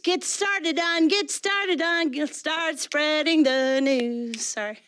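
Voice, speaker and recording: A woman's voice: high voice, measured pace, a bit bright. A woman voice actor recording game dialogue, flubbing her lines, apologizing and giggling at herself. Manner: bubbly, apologetic, giggles at her own flubs.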